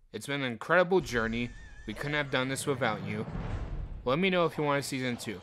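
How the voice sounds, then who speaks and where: A man hosting a movie trivia podcast, reading facts with jokey outbursts between them. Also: mid-range voice. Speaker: podcast host.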